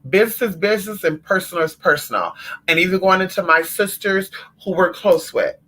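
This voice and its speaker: Brief: man with a slightly high voice, spiritual consultant going live from home, sassy and emphatic, keeps calling his listeners honey. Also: brisk, sharp tone. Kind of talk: casual livestream rant.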